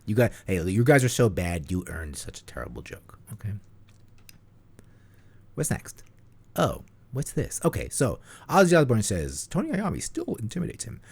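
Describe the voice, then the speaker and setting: A man's voice: lowish voice, wildly swooping pitch, moderate pace, vocal fry, a little mellow, breathy edge. A man co-hosting a casual metal podcast, joking and rambling with many fillers. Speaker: podcast co-host. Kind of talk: casual chat.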